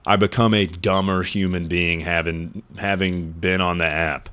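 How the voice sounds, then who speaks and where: A man's voice: low voice, fairly even intonation, a little slow, pushed and bright. A man streamer chatting casually to his viewers, rambling and swearing freely as he reacts to confessions. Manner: loose, rambling and profane. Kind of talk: casual livestream chat.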